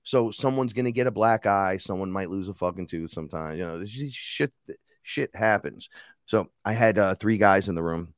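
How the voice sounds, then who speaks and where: A podcast guest who is a rapper and shaman tells a long story in casual conversation, animated, swearing freely and acting out other people's voices. His voice is low-pitched at a moderate pace, with no echo and clean studio sound.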